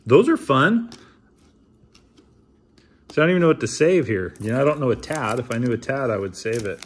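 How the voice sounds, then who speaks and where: A man in his thirties talks casually at a middling pitch, reading names aloud. He tosses off dry, mumbled asides under his breath. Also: big pitch swings, a little fast, slight background noise. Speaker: card opener. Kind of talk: casual card-opening vlog.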